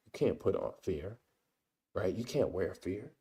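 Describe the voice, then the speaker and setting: A man's voice: low-pitched, lively intonation, a little slow, dark tone. A man teaching a casual Bible lesson, reading verses aloud and explaining them, often tagging his sentences with "man" and "right?". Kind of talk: informal scripture study lesson.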